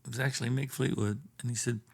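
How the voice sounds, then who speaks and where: Gravelly man telling a lively story. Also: mid-range voice, fast talker. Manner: animated storyteller who acts out quoted dialogue. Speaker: guest, session and touring bassist. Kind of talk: casual storytelling in a podcast interview. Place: theatre space.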